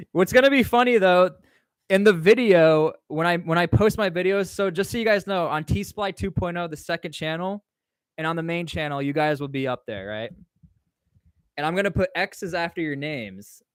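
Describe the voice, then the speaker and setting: A livestream host with a voice on the high side and a clean tone speaks at normal speed, recorded dry and in studio quality. He runs a casual Q&A, reading chat questions aloud and answering in a rambling, offhand way.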